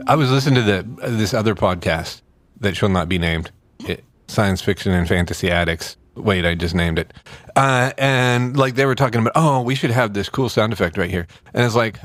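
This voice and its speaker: A man's voice: lowish voice, normal speed, dry recording. A man hosting a casual book podcast, joking and rambling with lots of fillers. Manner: rambling, jokey, many fillers. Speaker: podcast host. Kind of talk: casual chat.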